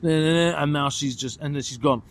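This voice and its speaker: A young man, telling a story in casual podcast chat, animated and swearing, acting out what others said. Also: a little high, fairly quick, a little hiss or hum. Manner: animated, swearing, mimics others in his stories. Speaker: podcast co-host.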